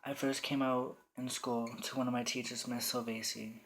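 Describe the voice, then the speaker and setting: A teenage boy telling his own story in the first person, quiet, somber and plainly spoken. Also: mid-range voice, little pitch movement, moderate pace, slight background noise. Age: teens. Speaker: storyteller recounting coming out.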